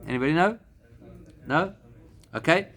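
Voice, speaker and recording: Rabbi teaching a Talmud class. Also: male voice, on the high side, expressive, fairly bright tone. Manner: explanatory, slows to spell out Hebrew and Aramaic words. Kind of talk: classroom lesson to a live group.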